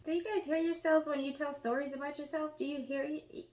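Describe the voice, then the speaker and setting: A woman's voice: sits high, fairly even intonation, brisk, darkish tone, slight background noise. Sassy woman reacting with blunt teasing. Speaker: commentary channel host. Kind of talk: reaction commentary.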